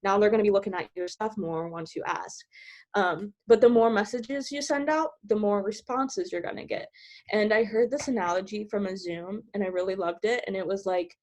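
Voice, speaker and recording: Giggly woman on a video call, talks fast, says like a lot, middle pitched voice, casual coaching vibe. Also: darkish tone. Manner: bubbly, giggly, filler-heavy with many "like"s. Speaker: team trainer sharing sales tips.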